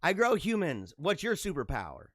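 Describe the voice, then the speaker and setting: A man's voice: fairly high pitch, wildly swooping pitch, moderate pace, a bit bright, dry recording, clean studio sound. A man in his forties hosting a casual solo show, reacting to memes with jokey, chuckling asides. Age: 40s. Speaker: podcast host.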